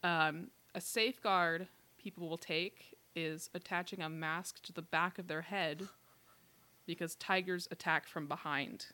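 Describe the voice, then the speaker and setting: Podcast lady chatting through animal facts, low-ish voice but bright and crisp, laughs a lot. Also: a little slow. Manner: relaxed, explanatory, often laughing. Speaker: podcast host telling the story. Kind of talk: casual chat.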